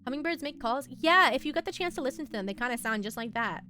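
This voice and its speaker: A woman's voice: high voice, animated, fast talker, pushed and bright. A young woman streaming, chatting casually and giggling as she reads and answers her chat. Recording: faint music behind.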